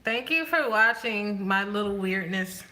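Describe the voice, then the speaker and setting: A woman beauty vlogger doing her makeup on camera and talking at an unhurried pace. She rambles and thinks out loud, half to herself and half to her viewers, in a mid-pitched voice. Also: lively intonation. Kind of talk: casual chat while doing makeup.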